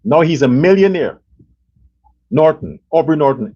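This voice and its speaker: A man's voice: on the high side, animated, normal speed, darkish tone, breathy edge, highs cut off. A man hosting a political commentary show, ranting in a heated, profane and repetitive way. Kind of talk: angry political rant.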